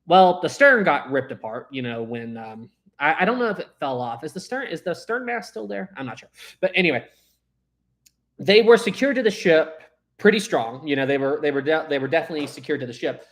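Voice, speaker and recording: A young man hosting a casual live stream, rambling and animated, often restarting his sentences and reading viewer chats aloud. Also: fairly high pitch, a little fast.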